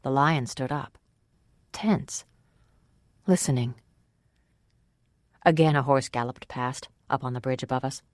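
An audiobook narrator reading a novel in first person with measured, even storytelling. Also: medium pitch, no echo, studio quality. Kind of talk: scripted narration.

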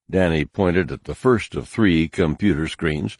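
Deep-voiced male audiobook narrator. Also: dry recording, clean studio sound. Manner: measured, even storytelling.

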